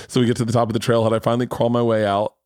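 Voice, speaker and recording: A man hosting a podcast in casual chat, telling stories in an animated way with frequent swearing and laughter. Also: mid-range voice, rapid-fire, clear, resonant tone, dry recording, clean studio sound. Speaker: podcast host.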